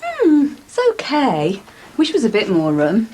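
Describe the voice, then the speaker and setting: A woman's voice: a little high, huge pitch swings, unhurried, noisy background. A middle-aged woman playing a polite, slightly flustered neighbour in a 1990s TV soap.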